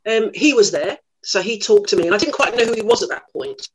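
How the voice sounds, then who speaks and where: A middle-aged woman, a lively, self-mocking actress telling stories in an interview. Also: mid-range voice, quick pace, rough recording. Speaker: actress guest. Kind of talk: anecdotal interview storytelling.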